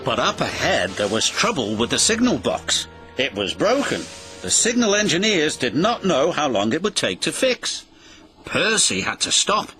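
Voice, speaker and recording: A man narrating a children's storybook in an expressive, sing-song way. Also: fairly high pitch, normal speed. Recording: music behind the voice.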